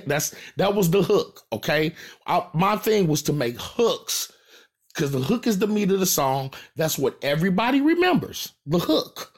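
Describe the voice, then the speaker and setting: A man from St. Louis with a St. Louis accent, talking straight to his audience in a profane, animated rant and repeating his points for emphasis. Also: fairly high pitch, normal speed, slightly rough. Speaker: rapper. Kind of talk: casual direct-to-camera rant.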